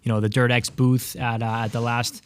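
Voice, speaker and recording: A man from New England co-hosting an off-road show, speaking in a steady way and asking viewers to send in their ideas. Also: medium pitch, fairly quick, clear, resonant tone. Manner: steady, promotional, asks viewers to comment. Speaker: co-host. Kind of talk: casual talk show chat.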